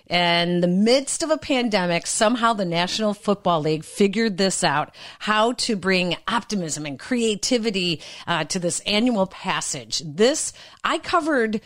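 A woman's voice: medium pitch, lively intonation, a little slow, a bit bright, dry recording, clean studio sound. A woman in her sixties hosting a casual podcast chat, upbeat and teasing. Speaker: podcast host.

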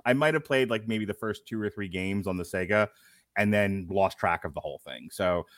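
A middle-aged man co-hosting a casual movie-review podcast, excitable and rambling, full of fillers and laughter. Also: lowish voice, fairly quick, dry recording. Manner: rambling storyteller with many fillers. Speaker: podcast co-host.

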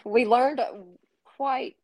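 A woman's voice: high-pitched, steady tone, very slow, darkish tone, dry recording. A woman co-hosting a casual interview podcast, telling stories in a chatty way and laughing easily. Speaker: podcast co-host.

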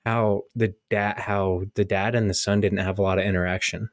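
Laughing young man, low dry voice. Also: level tone, dry recording. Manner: laughs often, quick banter. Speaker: podcast co-host. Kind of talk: casual chat.

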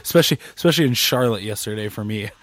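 A man co-hosting a podcast in a relaxed casual chat, laughing along. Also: on the low side, very fast, dry recording. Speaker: podcast co-host.

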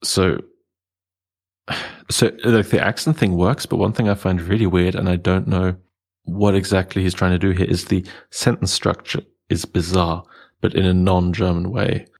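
Low, gravelly man, casual and halting, talking over a book. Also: fairly even intonation, a little mellow. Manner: hesitant, many restarts and fillers. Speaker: book club participant.

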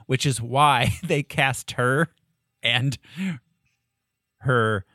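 A man's voice: medium pitch, drawn-out words, bright, forceful tone, no echo, studio quality. A man hosting a casual movie podcast, joking and laughing often as he talks. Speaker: podcast host.

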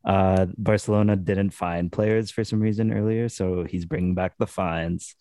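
A man co-hosting a casual sports podcast. His voice is very deep and dark, with a dry sound. He eagerly lists off news items. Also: steady tone, moderate pace, no echo. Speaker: podcast co-host. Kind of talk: casual chat.

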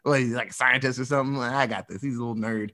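A man's voice: medium pitch, steady tone, fast talker, pushed and bright, no echo, studio quality, voice pushed down, close to an everyday voice. A man voicing a cocky small-town policeman who talks in an offhand, dismissive way.

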